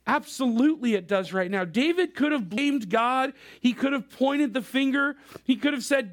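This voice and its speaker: High-voiced casual youth preacher man. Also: normal speed, few pauses. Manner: casual, conversational preaching to a young crowd. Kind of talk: sermon.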